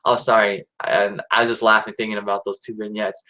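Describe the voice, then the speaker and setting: A man's voice: lowish voice, level tone, fairly quick, bright, forceful tone, poor audio. A man hosting his own live stream, talking casually and hesitantly with lots of fillers and restarts. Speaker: channel host.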